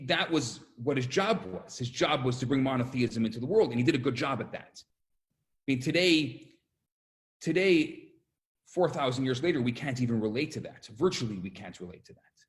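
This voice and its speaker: A man, a rabbi, giving an animated storytelling lecture to students over a video call and acting out the stories. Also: medium pitch. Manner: animated, acts out quotes, repeats for emphasis.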